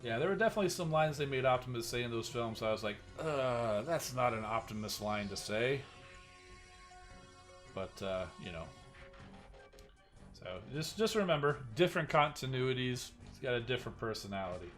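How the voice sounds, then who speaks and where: A man's voice: mid-range voice, animated, fast talker, a bit bright, faint music behind. A man hosting a game live stream, chatting casually and rambling, often restarting his sentences and answering viewers. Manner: rambling, with many restarts and asides to chat.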